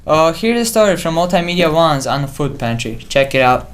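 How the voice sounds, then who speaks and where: A teenager co-anchoring a school news show, low-key and a little hesitant. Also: big pitch swings, a little fast. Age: teens.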